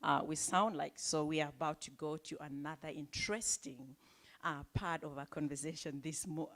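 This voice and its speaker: A woman's voice: deep voice, moderate pace, vocal fry, a bit bright. A woman from Cameroon whose accent carries South African influence, hosting a live event in a chatty, playful way with frequent laughter.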